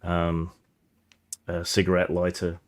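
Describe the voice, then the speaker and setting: A man narrating as game master of a tabletop game, relaxed and descriptive with many fillers. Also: low-pitched, slow pace.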